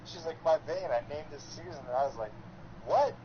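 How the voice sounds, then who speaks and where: A man's voice: on the high side, expressive, fairly quick, dull audio, crowd noise. A man co-hosting a casual podcast, telling teasing stories full of swearing. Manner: profane, teasing storyteller. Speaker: podcast co-host. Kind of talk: casual chat.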